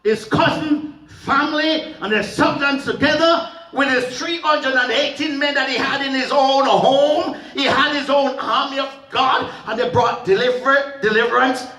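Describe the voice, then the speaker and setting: A male pastor preaching a sermon in a church sanctuary, emphatic and often rising into shouted refrains. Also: extremely high pitch, moderate pace, few pauses. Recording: roomy church sound from a distant mic with faint music.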